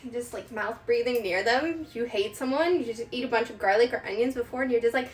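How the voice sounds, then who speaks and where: A woman's voice: fairly high pitch, brisk, hardly any pauses, recorded from a distance. A woman chatting casually on a stream while she cooks, rambling with lots of fillers and giggles. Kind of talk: casual chat while cooking. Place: home kitchen. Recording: roomy sound from away from the mic, faint background noise.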